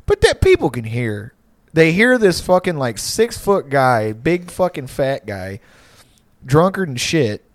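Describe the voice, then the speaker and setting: A man's voice: a little high, wildly swooping pitch, measured pace, no echo. A man telling a long, rambling story in casual chat, swearing freely and breaking into laughs.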